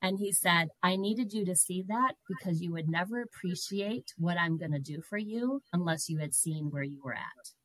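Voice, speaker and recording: A middle-aged woman guest telling a personal story in an animated way, breaking into laughter. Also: fairly low pitch, moderate pace, hardly any pauses, dry recording, rough recording.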